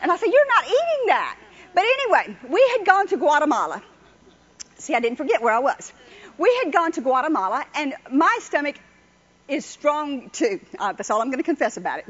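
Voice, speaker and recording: A woman's voice: sits high, very animated, fairly quick, fairly bright tone. A woman preaching a sermon, telling chatty personal stories and urging listeners on. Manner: chatty, exhorting, laughs often. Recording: dull lo-fi recording.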